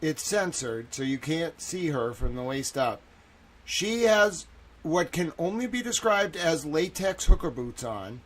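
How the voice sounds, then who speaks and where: A man hosting a live reaction stream, swearing freely and swinging between low mutters and loud exclamations. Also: very animated, measured pace.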